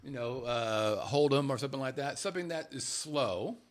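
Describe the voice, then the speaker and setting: Male talk show host, lively swinging pitch, salty and animated, slips into voices for quotes. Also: moderate pace. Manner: animated, swearing, acts out quotes in funny voices. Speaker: podcast host. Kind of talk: casual chat show talk. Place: Las Vegas.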